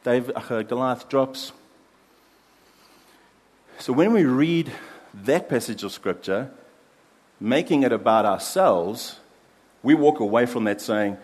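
A man preaching a sermon as pastor, earnest, dropping soft for prayers and building emphasis in lists. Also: medium pitch, expressive, takes it slowly, pauses often, in a large hall.

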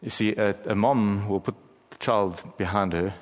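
Low-voiced pastor preaching in a reverberant hall. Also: male voice. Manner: storytelling preacher, dramatic pauses, emphatic. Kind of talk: sermon. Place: large church hall.

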